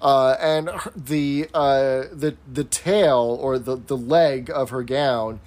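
A man co-hosting a podcast, chatting casually as he recaps a sitcom episode and slips into quick quoted impressions. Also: medium pitch. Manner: animated, recounts scenes with quick quoted impressions. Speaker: podcast co-host.

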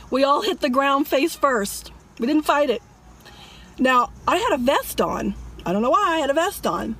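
Woman vlogger, high voice, dramatic storyteller who preaches hard at her viewers. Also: lively intonation, moderate pace, fairly bright tone. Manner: emphatic, addresses viewers as "people". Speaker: religious vlogger.

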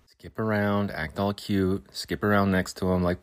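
A deep-voiced man hosts his podcast alone from a makeshift room at home. He talks casually, rambling from one tangent to the next and joking as he goes. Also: fairly even intonation, fairly quick. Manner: rambling, jokey asides, voices his cats' imagined plotting. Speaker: podcast host. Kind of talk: casual solo podcast monologue. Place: makeshift break room at home, fridge and cats nearby.

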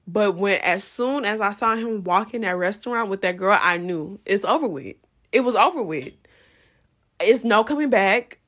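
A young woman hosting a podcast, telling a personal story in a casual, profane, animated way and jumping into loud re-enacted quotes. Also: mid-range voice, normal speed. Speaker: podcast host.

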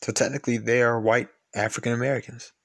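A man's voice: mid-range voice, flat delivery, fast, fairly bright tone. A man hosting a podcast, ranting in a blunt, profane, repetitive and argumentative way. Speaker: podcast host. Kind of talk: casual podcast rant.

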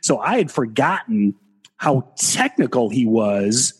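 A man's voice: medium pitch, big pitch swings, slow, slightly rough. A man hosting a podcast, chatting casually about trading with plenty of fillers and restarts. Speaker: podcast host, trader. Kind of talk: casual chat.

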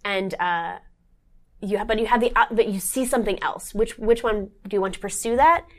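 A woman's voice: mid-range voice, a little fast. A woman narrating a tabletop horror game as game master, meandering with many fillers. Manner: meandering, lots of fillers and restarts.

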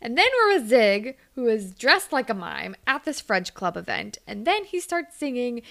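A woman's voice: on the high side, sing-song, moderate pace, vocal fry, fairly bright tone. A woman co-hosting a podcast, recapping a TV episode in casual chat, laughing often, swearing and acting out the characters' lines.

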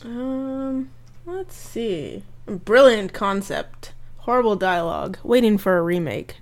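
A woman's voice: mid-range voice, expressive, takes it slowly. A woman co-hosting a casual podcast, reading audience reviews with wry comments. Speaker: podcast co-host.

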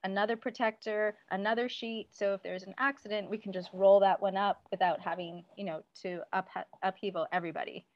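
A woman guest in a casual interview talks through practical advice, often pausing on "um" and "you know." Her voice sits at a middling pitch. The recording sounds dull and lo-fi. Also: steady tone. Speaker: parenting guest.

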